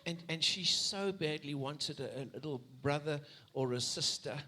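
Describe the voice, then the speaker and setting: Pastor gently prompting a guest. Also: male voice, a little high, moderate pace. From South Africa. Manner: prompting, retells her story back to her with repeated restarts. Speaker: pastor interviewing a church member. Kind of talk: sermon interview. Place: church stage.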